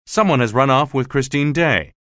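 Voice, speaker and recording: A man voicing an agitated, indignant male theater official recounting his rough treatment, in a storybook reading. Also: mid-range voice, normal speed, no room sound, studio quality, voice pushed up, close to an everyday voice. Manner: indignant, excited.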